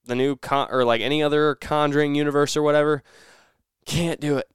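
Rambling young man, smooth and dry. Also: a little high, steady tone, a little fast, dry recording. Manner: rambling, self-correcting storyteller. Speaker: podcast host. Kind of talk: casual solo podcast chat.

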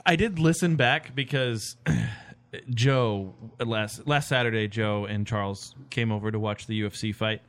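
A man's voice: fairly low pitch, unhurried, fairly bright tone. A man co-hosting a podcast, teasing his friend in casual banter. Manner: teasing, needling. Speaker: podcast co-host.

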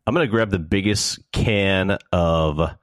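A man playing a tabletop game, joking and animated as he describes his moves. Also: low voice, measured pace, no echo, clean studio sound. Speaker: player.

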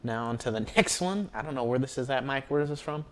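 A man's voice: medium pitch, animated, quick pace, fairly bright tone, a little hiss or hum. A man hosting a podcast in casual talk with friends. He teases, jokes and moves the conversation from one topic to the next. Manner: joking, steering the conversation. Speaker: podcast host. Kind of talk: casual chat.

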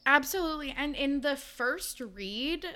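A woman's voice: high voice, expressive, a little slow, bright, forceful tone. A woman co-hosting a casual book podcast, recapping the plot in a chatty way with lots of fillers. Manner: chatty recapping with many likes. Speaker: podcast co-host.

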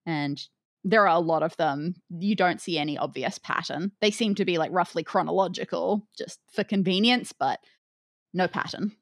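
A woman's voice: lowish voice, moderate pace, no echo. Woman game master describing an escape room, playful, dry close mic sound. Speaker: game master and podcast host. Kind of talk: narrating an audio escape room.

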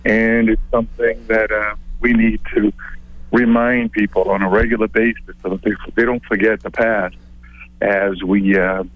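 A middle-aged man who grew up abroad, a council president speaking as a phone-in guest, halting with many fillers. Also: on the low side, flat delivery, dry recording. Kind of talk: phone-in interview. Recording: dull phone line.

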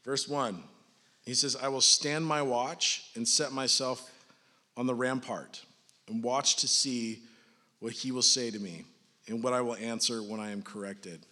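A man's voice: medium pitch, steady tone, a little slow, sharp tone. A man preaching a sermon in a casual, joking way, often checking in with "right?" and "like". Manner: jokey, conversational, often adds "right?" and "like". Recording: long hall reverb.

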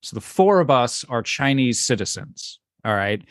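A male podcast host sets up an improv game in a loose, rambling way, stopping to laugh and saying lots of "um" and "uh". His voice sits at an ordinary pitch. The sound is close and dry, with no room echo. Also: sing-song, normal speed. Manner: rambling, laughs between phrases, lots of fillers. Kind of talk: casual podcast chat, setting up improv skits.

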